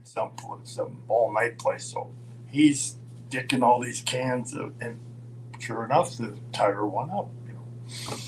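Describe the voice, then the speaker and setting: An older man from Minnesota spins a road story at a middle pitch, slipping into quoted voices and chuckling as he goes. A faint electrical hum sits under his voice. His talk is loose and casual. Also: takes it slowly, rough recording. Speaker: storyteller guest. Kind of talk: casual anecdote telling.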